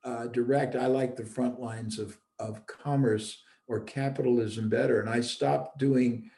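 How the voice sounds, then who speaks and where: A man's voice: mid-range voice, steady tone, measured pace, vocal fry, mellow. A middle-aged man, a business owner and former seminar leader, talking reflectively in a casual conversation and repeating his points for emphasis. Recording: roomy echo.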